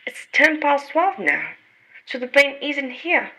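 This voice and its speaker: A woman's voice: high-pitched, very animated, takes it slowly, pushed and bright, pitched above the performer's own voice, heavily acted, rough recording. A woman voicing a polite, apologetic female airline receptionist on the phone.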